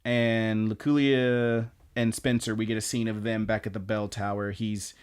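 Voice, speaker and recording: A man co-hosting a podcast, casually recapping anime episodes in an animated, storytelling way and swearing now and then. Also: fairly low pitch, normal speed, clear, resonant tone. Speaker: podcast co-host.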